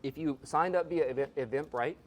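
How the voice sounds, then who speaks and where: A man's voice: a little high, fairly quick, a little hiss or hum. A man presenting a live workshop, explaining ideas through examples and analogies and checking in with "right?" and "you know". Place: workshop room.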